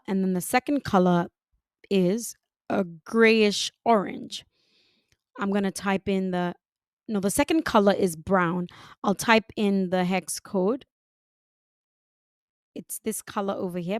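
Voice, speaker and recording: Woman, design tutor, slow step-by-step instructions, dry close voice-over. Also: mid-range voice, fairly even intonation, dry recording. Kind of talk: screen-recorded software tutorial narration.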